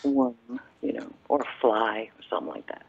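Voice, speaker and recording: A woman caller from the Midwest with a low voice, speaking over a muffled phone line. She rambles and pauses often, filling gaps with fillers as she tells her story. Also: steady tone, vocal fry, a little mellow, breathy edge. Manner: rambling, halting with many fillers. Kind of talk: phone-in chat.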